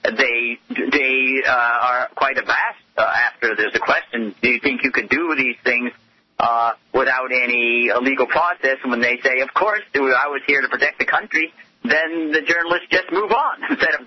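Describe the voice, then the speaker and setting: A man's voice: mid-range voice, moderate pace, slightly rough, no echo, lo-fi sound. A man speaking as a guest on a talk radio show, arguing in an impassioned, indignant way over the phone. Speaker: guest commentator.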